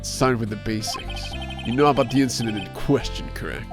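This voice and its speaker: A brooding masked prosecutor speaks low and unhurried, taunting with calm confidence, as a streamer puts him on. Game music plays clearly beneath him. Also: lightly acted. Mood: cool.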